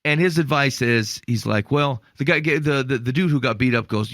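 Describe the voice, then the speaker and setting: Male podcast co-host, gravelly and mid-range, dry booth sound; animated storyteller with exasperated asides. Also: mid-range voice, normal speed, few pauses, dry recording. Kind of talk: casual podcast chat on faith.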